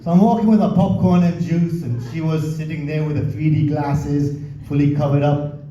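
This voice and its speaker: A man's voice: a little high, fairly even intonation, moderate pace, dark tone. A man doing a crude, swearing stand-up comedy set, working the crowd in a casual, chatty way. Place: comedy club stage. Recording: roomy, distant, dull club recording.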